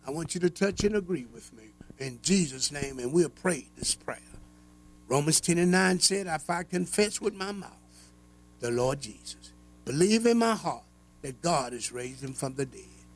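A man's voice: on the high side, lively intonation, normal speed. A man preaching and praying over the radio in a fervent, rhythmic cadence. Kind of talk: radio prayer sermon.

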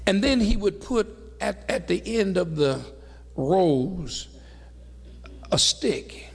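A middle-aged man preaching a sermon, rising to shouts and then dropping low, with call-and-response phrasing. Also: expressive, slow, vocal fry, big-room sound.

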